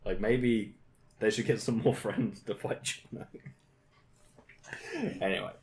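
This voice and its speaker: A man's voice: on the low side, takes it slowly. A man co-hosting a podcast, telling a story in casual chat and laughing as he goes. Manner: animated, laughs through his stories. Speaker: podcast co-host.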